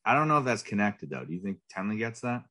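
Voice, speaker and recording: A man in his thirties co-hosting a podcast in casual chat, talking about his young son in a laid-back, halting way. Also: fairly low pitch, big pitch swings, sharp tone. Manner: laid-back, hesitant with fillers. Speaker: podcast co-host.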